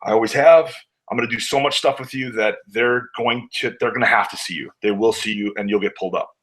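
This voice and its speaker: A man's voice: medium pitch, a little fast, fairly bright tone, poor audio. A man, a wrestler guest, telling candid stories in a casual interview, acting out what others said and swearing now and then.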